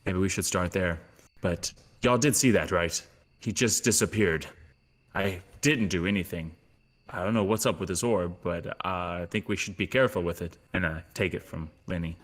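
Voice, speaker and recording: A man's voice: deep voice, normal speed, long reverb tail. A man speaking as a player in a tabletop game, laid-back and somewhat hesitant. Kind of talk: casual tabletop play.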